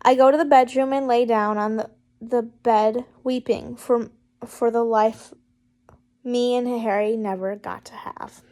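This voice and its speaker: A woman's voice: fairly high pitch, steady tone, measured pace, a little mellow. A woman reading fan fiction aloud in a casual way, stopping to chat and joke between passages. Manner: chatty, breaks off to joke and laugh. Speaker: fanfiction reader.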